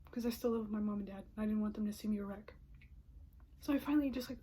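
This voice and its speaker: Breathy young woman confiding a story. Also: fairly high pitch, little pitch movement, dark tone. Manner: emotional, confiding, drops into whispered asides; frequent sighs and breathy pauses. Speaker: vlogger telling a personal story. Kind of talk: casual storytime monologue.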